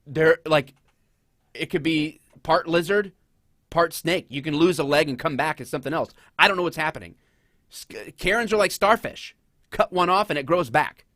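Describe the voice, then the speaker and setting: A middle-aged man hosting a casual commentary show, talking in an animated, sarcastic way. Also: on the high side, normal speed, dry recording, clean studio sound. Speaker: host.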